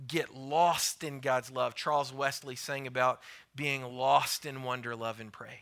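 A man's voice: mid-range voice, fairly even intonation, a little slow, few pauses, a bit bright. A man preaching a sermon in a church, emphatic and repetitive, sometimes dropping his voice to near a whisper.

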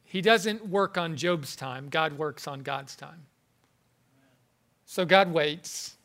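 High-voiced earnest male preacher. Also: creaky, fairly bright tone. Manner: earnest, halting, with frequent word repetitions. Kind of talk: sermon.

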